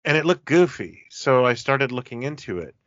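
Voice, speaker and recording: A man's voice: medium pitch, big pitch swings, moderate pace, fairly bright tone, dry recording. A man hosting a casual chat about cult films, telling enthusiastic, rambling stories. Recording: dull, dry lo-fi recording.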